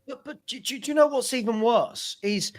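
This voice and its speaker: A man's voice: very high voice, normal speed. A man co-hosting a casual football fan podcast, talking in an exasperated way with rhetorical questions. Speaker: podcast co-host.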